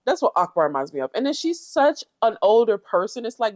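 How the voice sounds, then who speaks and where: A woman's voice: a little high, very animated, fast, hardly any pauses, dry recording. A young woman from Florida who recaps a reality show with blunt, sassy casual commentary and talks straight to her viewers. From Fort Pierce, Florida.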